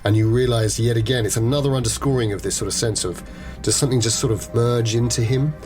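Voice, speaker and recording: A man's voice: medium pitch, fast, over music. A man running a tabletop horror game as game master, narrating in a musing, hesitant way. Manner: musing, hesitant, many restarts.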